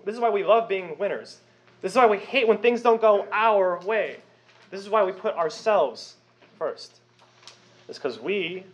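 Young male pastor preaching, higher voice with a lively, swooping delivery, conversational and emphatic. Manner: emphatic, rhetorical questions, conversational asides. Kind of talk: sermon.

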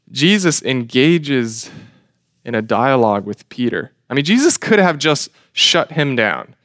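Man preaching, earnest and emphatic, mid pitch, dry recording. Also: a bit bright, no echo. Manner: earnest, emphatic, with rhetorical questions. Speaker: pastor. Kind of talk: sermon.

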